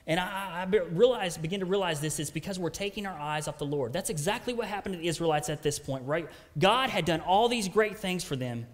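A male pastor preaches in an earnest, conversational way, checking in with his listeners as he goes. His voice sits a bit high for a man. The sound carries a long reverb, as from a church sanctuary. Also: a little fast, few pauses. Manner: earnest, conversational preaching with frequent "right?" asides. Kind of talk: sermon.

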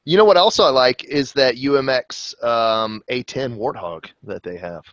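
A man in his thirties co-hosts a casual chat, chatty and quick to joke. His voice comes through a slightly dull, muffled mic with a dry sound. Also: medium pitch, fairly bright tone, no room sound. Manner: chatty, joking. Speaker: co-host.

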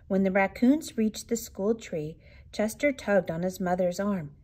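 A woman reading a children's picture book aloud in an expressive, lilting way. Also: medium pitch, moderate pace. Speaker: storybook reader. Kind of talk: children's storybook read-aloud.

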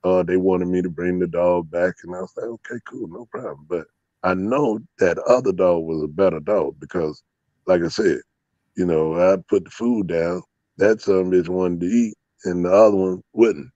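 A dog breeder appears as an interview guest, telling rambling, profane stories full of fillers and frequent laughter. His voice sits low and warm, steady and moderately paced, on a dry recording with the highs cut off.

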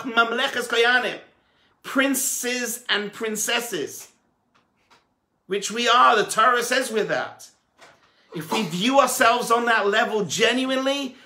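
A male rabbi with a very high voice tells a story during a sermon, his animated delivery moving between hushed and emphatic.

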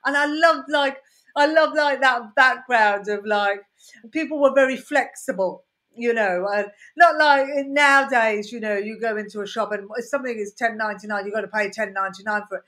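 A woman's voice: on the high side, normal speed. Chatty Birmingham-accented woman comedian. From Birmingham, England. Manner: rambling, anecdotal storytelling with lively asides. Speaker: comedian guest. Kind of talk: casual podcast chat.

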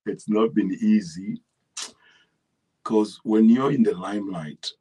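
A middle-aged Kenyan-accented man takes it slowly, his fairly low voice slightly rough over a rough recording. As an actor and writer guesting in a relaxed interview, he rambles, restarts a lot, and becomes animated when telling stories.

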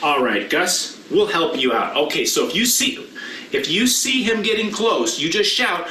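A man leads a children's message as pastor, with playful, animated banter and a high, bright, swooping voice. He sounds off-mic and distant in a roomy church. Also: normal speed, slight background noise. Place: church sanctuary.

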